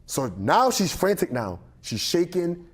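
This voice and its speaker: A man's voice: high-pitched, unhurried, husky. A man as a podcast guest, telling a story in casual chat and acting out the voices of the people in it. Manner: animated, acts out quoted voices.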